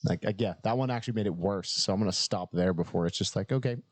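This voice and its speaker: A man's voice: fairly low pitch, fast talker, dry recording. A man co-hosting a podcast in casual chat, joking and playful. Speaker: podcast co-host. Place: podcast studio.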